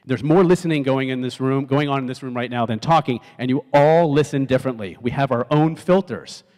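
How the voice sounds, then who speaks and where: A man's voice: medium pitch, a little fast, darkish tone. A middle-aged man giving a conversational talk on stage to a youth audience, asking the crowd questions and acting out text messages in different tones. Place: large auditorium. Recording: long hall reverb from the auditorium.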